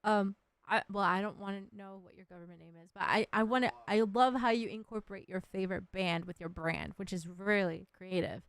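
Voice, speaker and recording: A woman hosts a relaxed interview over a video call, friendly, giggly and loose in phrasing. Her voice is smooth and mid-pitched, recorded close and dry. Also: fairly quick, hardly any pauses, dry recording. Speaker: podcast host. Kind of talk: casual interview.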